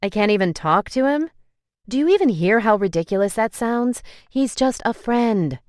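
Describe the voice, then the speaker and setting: A woman's voice: medium pitch, lively intonation, moderate pace, darkish tone, no room sound, studio quality, voice pushed up, close to an everyday voice. A woman voicing an exasperated fifteen-year-old girl who pleads and protests.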